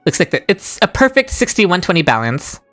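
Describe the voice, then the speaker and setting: A woman's voice: on the low side, big pitch swings, fairly quick, fairly bright tone, soft background music. A woman streaming a game live, chatting with viewers and shrieking with delight at lucky rolls. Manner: chats with viewers in chat. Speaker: gaming streamer. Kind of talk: live-stream gaming commentary. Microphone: desk microphone.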